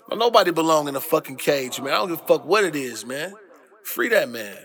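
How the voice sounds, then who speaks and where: A man's voice: on the high side, lively intonation, fairly quick, a bit bright. A young adult man hosting a casual commentary monologue, ranting loosely with heavy slang and profanity. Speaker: host.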